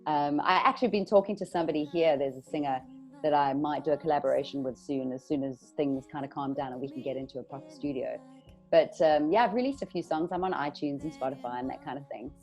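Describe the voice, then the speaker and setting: A woman's voice: low-pitched, quick pace, darkish tone, soft background music. A woman with a South African accent, chatting enthusiastically about her life in an interview. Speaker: interviewee, actress and radio presenter. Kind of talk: casual interview chat.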